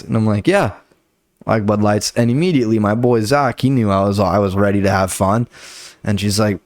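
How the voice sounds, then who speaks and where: A man's voice: on the low side, steady tone, moderate pace, a little mellow, no echo, clean studio sound. A young man, a comedian hosting his podcast, telling rambling, profane stories and acting out the people in them. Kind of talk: casual solo storytelling. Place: Los Angeles area.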